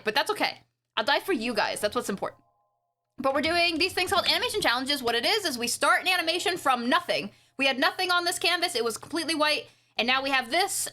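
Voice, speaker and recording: A woman streaming live, chatting casually to her viewers in an excitable, rambling way with frequent giggles. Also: sits high. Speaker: streamer and animator. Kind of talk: casual livestream chat.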